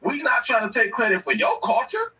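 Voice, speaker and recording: A man's voice: very high-pitched, sing-song, fairly quick, bright, forceful tone, far from the mic, low-quality recording. A man, giving heated, repetitive commentary as he reacts to a clip. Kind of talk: ranting commentary.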